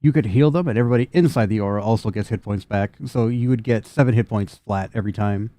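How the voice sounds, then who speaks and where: A man's voice: fairly low pitch, fast talker, mellow, no echo. A man running a tabletop game, talking casually and repeating words as he explains rules. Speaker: game master.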